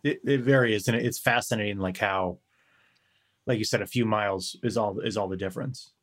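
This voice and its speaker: A man's voice: fairly low pitch, fairly quick. A man in casual chat, telling a meandering story and swearing now and then.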